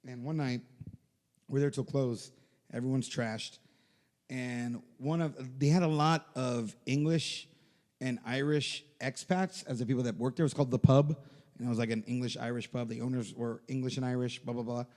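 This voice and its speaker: A man co-hosting a podcast, telling an embarrassing story in casual, animated chat, swearing freely and breaking into laughter. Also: mid-range voice, moderate pace, long reverb tail. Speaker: podcast co-host. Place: podcast studio.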